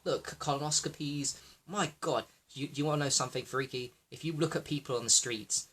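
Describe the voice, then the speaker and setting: A man hosting a livestream, rambling excitably, swearing freely and talking to viewers by name. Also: on the high side, brisk, slight background noise. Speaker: livestream host.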